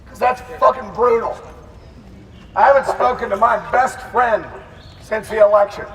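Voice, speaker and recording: A man's voice: high-pitched, a bit bright. A man organizing a protest, speaking outdoors to a street crowd in an impassioned, profane, rallying way. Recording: roomy, distant street reverb.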